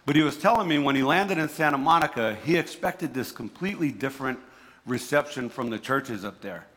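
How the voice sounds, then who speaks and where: A man's voice: mid-range voice, animated, brisk, fairly bright tone, long reverb tail. A man with a New Jersey accent giving a conversational sermon, often restarting words and repeating himself. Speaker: preacher.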